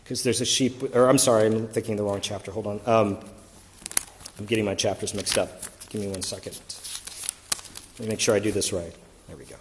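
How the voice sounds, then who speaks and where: A man preaching in a relaxed, talky way, stopping now and then to correct himself. His voice sits at an ordinary pitch. A long reverb trails after his words, as in a church hall. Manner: conversational, self-correcting, reads scripture aloud. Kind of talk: sermon.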